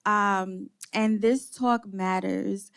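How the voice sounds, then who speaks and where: A woman's voice: medium pitch, steady tone, extremely slow, gravelly, fairly bright tone, clean tone. Woman answering from a conference audience. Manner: hesitant at first, then steadier. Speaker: audience member, clerkship coordinator.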